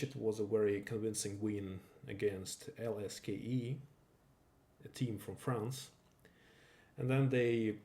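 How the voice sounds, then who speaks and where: A man whose first language is not English commentating a live stream match, halting and correcting himself as he goes. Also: lowish voice, darkish tone. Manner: halting, self-correcting, with fillers.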